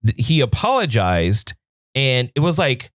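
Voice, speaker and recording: A man's voice: mid-range voice, big pitch swings, a little slow, dry recording, clean studio sound. A man co-hosting a podcast, telling a story with lots of swearing and acting out his own angry rants. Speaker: podcast co-host. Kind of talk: casual chat.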